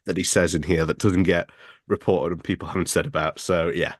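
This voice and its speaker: A man joining a casual panel chat over a video call, talking in a hesitant, halting way. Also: sits low, fairly even intonation, no echo, clean studio sound.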